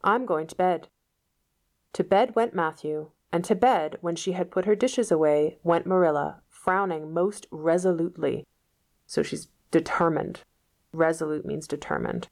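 A woman's voice: deep voice, moderate pace, vocal fry, darkish tone. A woman reading a novel aloud and patiently explaining old words in casual asides, as a teacher.

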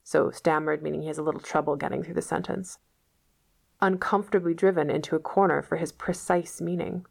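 Lady reading a book out loud and explaining words, chill and patient, kinda gravelly low voice. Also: steady tone, brisk. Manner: patient, explanatory, casual asides. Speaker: teacher reading a novel aloud.

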